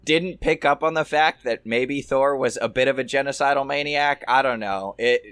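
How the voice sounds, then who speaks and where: A man's voice: medium pitch, a bit bright, clean tone, no room sound. Dry-sounding man making a critical point. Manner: measured, critical, builds arguments point by point. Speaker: co-host of a movie review show. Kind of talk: casual critical discussion.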